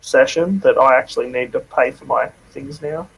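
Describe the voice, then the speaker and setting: A man's voice: medium pitch, moderate pace, gravelly, fairly bright tone, breathy edge, poor audio. A man talking as a player in a casual tabletop game, matter-of-fact.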